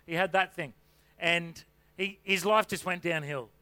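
In a high-pitched voice at a measured pace, a man preaches a sermon. He tells a personal story conversationally, then builds to loud, fervent calls of faith.

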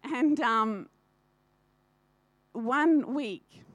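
Woman, middle-aged, high voice, dry close sound, fervent church testimony to the congregation. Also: expressive, extremely slow, a bit bright, no echo. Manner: fervent, earnest, laughs often, addresses the congregation directly. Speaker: church speaker sharing a testimony. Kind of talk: personal testimony in a church service.

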